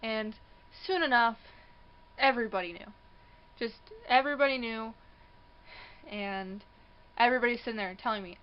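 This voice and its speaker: This vlogger is a young woman with a fairly high, smooth voice, speaking at a moderate pace with long pauses while telling a personal story in a laid-back vlog. She laughs frequently and animatedly performs the voices of the people she describes. The highs are cut off, and she's indoors near a passing train.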